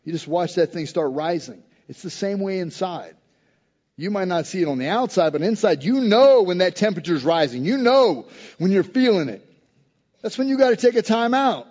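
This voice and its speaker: A man preaching a lively, conversational sermon, pressing his points hard and slipping into the voices of the people he quotes. His voice sits high for a man, and the recording has a muffled, lo-fi sound. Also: normal speed, in a large hall. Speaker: pastor.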